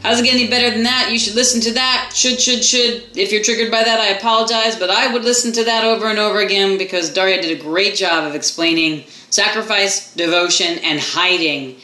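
A woman's voice: mid-range voice, bright, forceful tone, echoey room, poor audio. A woman hosting a talk radio show, chatting enthusiastically with her co-host. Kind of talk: casual talk radio chat.

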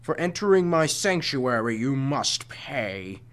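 A man voicing a many-mouthed, weeping hair monster, drawn-out and slow, as he reads a story aloud. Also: mid-range voice, big pitch swings, a bit bright. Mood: sobbing menace. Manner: slow, drawn-out, tearful threats.

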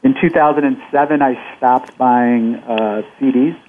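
A man's voice: mid-range voice, measured pace. A man speaking as an upbeat guest on a panel discussion, with frequent fillers. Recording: tinny phone line with faint noise.

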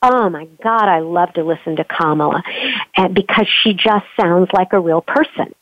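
A woman voice coach being interviewed, talking expressively and sometimes showing pitch changes with her own voice. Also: normal speed, no echo, highs cut off. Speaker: voice coach guest. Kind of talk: remote interview conversation.

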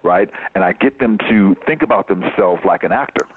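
A man with a low voice talks as a guest in a relaxed interview, full of energy and circling back over his own phrases as he builds a point. The sound is thin and narrow, like a phone line on radio. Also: moderate pace, husky, no echo. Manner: energetic, repeats and restarts phrases. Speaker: poet and speaker, guest. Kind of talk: casual interview talk.

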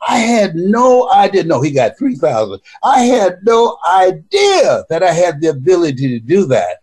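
A man giving a motivational speech, telling stories with a preacher-like cadence and repeating words when excited. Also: high voice, normal speed, slightly rough. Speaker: motivational speaker.

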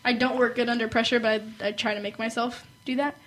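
A young woman co-hosting a casual teen podcast, telling stories in a chatty, animated way. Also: on the high side, quick pace, poor audio. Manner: chatty, animated storytelling with mimicked quotes. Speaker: co-host. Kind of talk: casual chat.

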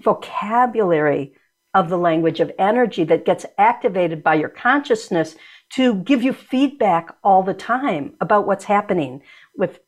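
Woman, interview guest, reflective, restarts often, mid-pitched voice. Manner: reflective, searching, with repeated restarts. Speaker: guest, author and energy medicine practitioner. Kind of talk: conversational interview.

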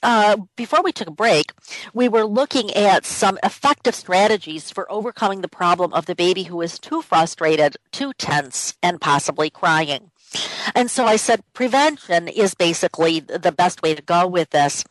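Warm-up-free radio host: a woman talking in a dry, close voice, casual and emphatic. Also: lowish voice, animated, moderate pace, no echo, poor audio. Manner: emphatic, repeats key points. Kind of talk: conversational radio talk. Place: home office.

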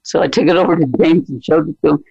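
A man with a strongly gravelly, creaky voice that sits a little high for a man. He tells family stories in a lively, animated way, and the sound is close and dry. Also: rapid-fire, dry recording, lo-fi sound. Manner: animated storyteller. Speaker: family friend visiting. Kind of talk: casual storytelling among family.

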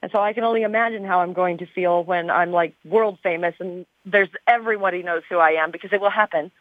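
A woman's voice: fairly low pitch, quick pace, no room sound. A woman from Arizona, a TV show star, chatting as a guest in an interview in a bubbly way with many fillers, heard over a tinny phone line. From Arizona, USA. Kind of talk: casual interview chat.

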